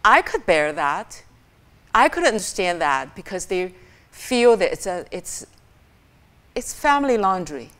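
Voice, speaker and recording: A woman's voice: on the low side, measured pace, pauses often. A middle-aged woman from China with a Chinese accent, an author telling stories to a forum audience and acting out the voices she quotes. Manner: animated, acts out quoted lines in a raised voice. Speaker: author and guest speaker. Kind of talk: storytelling at a public forum.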